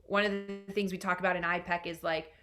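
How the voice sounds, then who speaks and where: Bright-voiced chatty woman coach. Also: fairly low pitch, steady tone, quick pace, faint music behind. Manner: chatty, many fillers like "right?" and "like". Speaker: leadership coach. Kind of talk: answering a question in a webinar Q&A.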